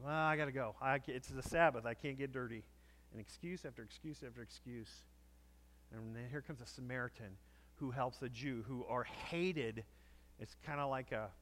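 A man preaching a conversational sermon to a congregation, telling stories and acting out quotes. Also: medium pitch. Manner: conversational storytelling, acts out quotes. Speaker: pastor.

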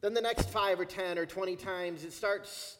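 A man with a high voice delivers a sermon in an easy, conversational manner. He slows down on the phrases he wants to land. The sound has a long reverb, as from a church hall. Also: fairly bright tone. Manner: conversational preaching, slowing down to stress key phrases. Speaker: pastor. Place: church sanctuary.

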